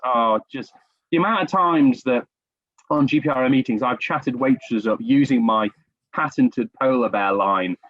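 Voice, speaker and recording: A man's voice: medium pitch, no echo. A man telling stories in a casual podcast chat, self-deprecating and chatty. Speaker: podcast guest. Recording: dull lo-fi recording.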